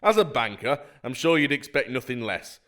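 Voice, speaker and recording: A man's voice: medium pitch, very animated, moderate pace, sharp tone. A man reading as a lovesick fake banker. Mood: polite. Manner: mock-earnest, melodramatic letter reading. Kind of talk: reading bait emails aloud.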